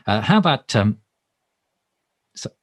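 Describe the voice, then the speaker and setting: Slow and sing-song, a man's low-ish, exaggerated voice plays a bumbling minister in an improvised mock live stream. The character is self-important, pompous, and overly formal, rambling and stammering through ums and restarts. The recording is dry.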